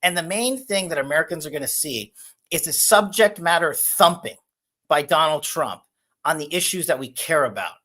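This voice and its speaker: A man being interviewed as a guest, pitching his book and hammering political talking points. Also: lively intonation, normal speed. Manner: forceful, promotional, list-like talking points.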